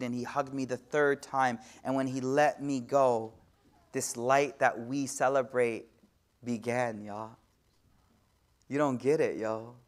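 A man giving a sermon-style lecture as an Islamic teacher, swinging from hushed to loud, with slangy asides and rapid Arabic recitation. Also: medium pitch. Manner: slangy, addresses audience directly.

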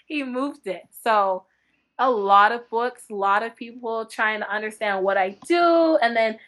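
A woman book blogger chatting as a podcast guest, telling lively stories with frequent laughter and acted-out quotes. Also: a little high, a little slow. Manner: animated, laughing often, acts out quotes. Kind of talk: chatty podcast interview storytelling.

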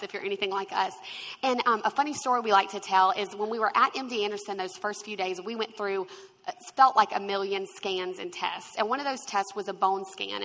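A woman telling a personal story in a conversational, lively way. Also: medium pitch, vocal fry. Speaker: speaker sharing her story. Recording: long reverb.

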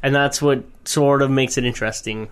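A man co-hosting a podcast in casual chat, easygoing and quick to laugh. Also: mid-range voice, fairly even intonation, clean tone. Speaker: podcast co-host.

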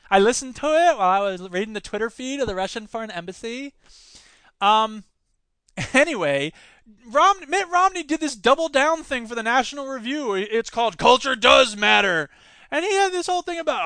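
A man hosting a solo podcast, reading news items aloud and commenting on them with sarcasm and quick jumps between topics. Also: sits high, big pitch swings, bright, forceful tone, clean tone, dry recording. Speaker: podcast host.

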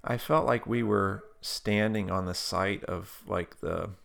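A man with a low, gravelly voice tells a story in easy, conversational speech. His delivery is folksy and full of fillers and restarts. He often jumps into loud, animated bursts. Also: slow pace. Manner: animated, breaks into loud excited quotes.

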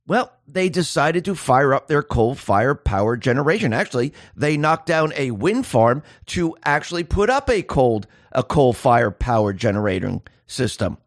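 A man's voice: medium pitch, very animated, normal speed, few pauses, dry recording, studio quality. A man hosting a political commentary monologue. He speaks emphatically, fires off rhetorical questions and acts out the voices of ordinary people.

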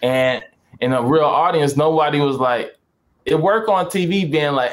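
A man who does stand-up comedy, chatting casually and acting out quotes in lively voices. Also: medium pitch, normal speed. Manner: animated storyteller acting out voices. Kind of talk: casual podcast chat.

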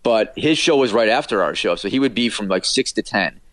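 A man's voice: on the low side, lively intonation, a little fast, a bit bright, dry recording. A man, an author and radio producer, telling anecdotes casually as an interview guest, with many fillers and restarts.

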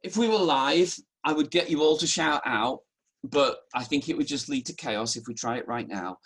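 A man's voice: on the high side, moderate pace, fairly bright tone, breathy edge. A middle-aged man with a northern English accent, preaching a conversational sermon with wry asides. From Northern England.

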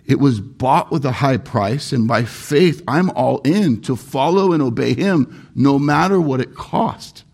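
Gravelly-voiced male pastor preaching earnestly. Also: medium pitch, animated, unhurried, few pauses, darkish tone. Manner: earnest, emphatic preaching with repetition. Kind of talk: sermon.

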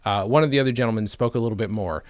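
A man's voice: fairly low pitch, racing, no room sound. Rambling man, dry close sound. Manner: rambling, self-qualifying storyteller. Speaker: podcast co-host. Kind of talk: casual chat.

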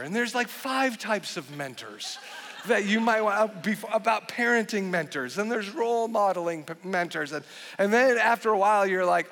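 A man in his forties preaching a sermon as a pastor, animated and joking, with frequent restarts. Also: high voice, a little fast. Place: large church hall. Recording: long hall reverb.

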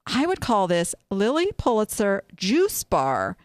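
A woman's voice: medium pitch, unhurried, no room sound, clean studio sound. A woman hosting a casual live stream, giving frank, chatty advice on online sales listings. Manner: chatty, frank, animated, with many restarts. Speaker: host reviewing online listings.

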